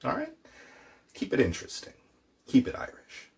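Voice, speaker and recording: A man's voice: mid-range voice, wildly swooping pitch, moderate pace, creaky, darkish tone. A man teaching a casual, playful language lesson, acting out little mock dialogues with a student.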